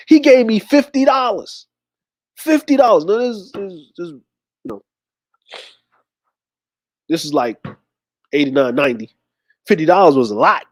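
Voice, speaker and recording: High-voiced man telling a story. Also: measured pace, long pauses, no room sound. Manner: animated, conversational retelling with quoted dialogue. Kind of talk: personal storytelling.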